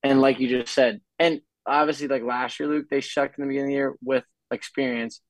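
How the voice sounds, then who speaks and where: A man in a casual sports chat, enthusiastic and quick to agree. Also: medium pitch, fairly even intonation, no echo, poor audio.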